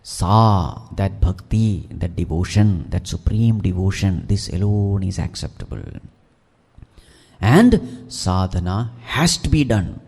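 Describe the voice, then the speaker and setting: Swami, lively teaching voice. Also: male voice, sits low, takes it slowly, slightly rough. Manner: asks rhetorical questions and answers them himself; recites Sanskrit verses and explains them. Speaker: swami giving a spiritual discourse. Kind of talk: devotional discourse. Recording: long hall reverb.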